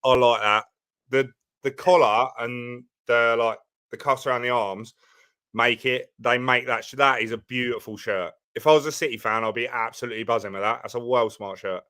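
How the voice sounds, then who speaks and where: A man's voice: mid-range voice, steady tone, normal speed, sharp tone, clean tone. A man with a Southern English accent joining a live stream over a video call, laid-back and slangy with easy enthusiasm. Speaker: guest. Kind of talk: casual live stream chat.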